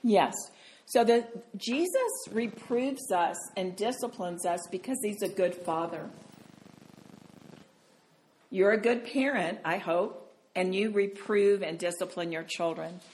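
Woman leading a bible study, lively and tender, calls people sweetheart. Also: mid-range voice, slow, slight background noise. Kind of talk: Bible teaching to a group.

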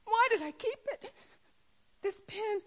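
A woman's voice: sits high, expressive, unhurried, mellow, voice pushed up. A woman voicing a remorseful older man who weeps and cries out in anguish. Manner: anguished, crying out.

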